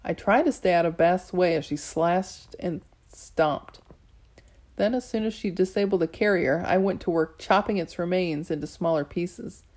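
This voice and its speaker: A woman narrating a novel in the first person, measured, with small restarts. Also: on the low side, a little mellow. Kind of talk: audiobook narration.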